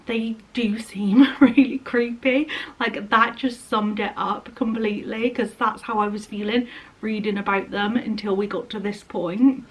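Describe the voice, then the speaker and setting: A young woman talks about her reading in a casual, soft-spoken way, now and then sinking into a whisper. Her voice has a husky, slightly breathy edge and sits at an ordinary middle pitch. She speaks close to the mic in a room at home. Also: steady tone, unhurried, low-quality recording. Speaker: book vlogger. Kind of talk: casual chat and reading aloud.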